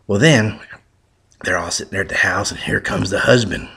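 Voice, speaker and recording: A man tells a folksy joke, meandering and restarting his sentences. His voice is low and husky. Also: moderate pace, pushed and bright. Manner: rambling with restarts. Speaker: joke teller.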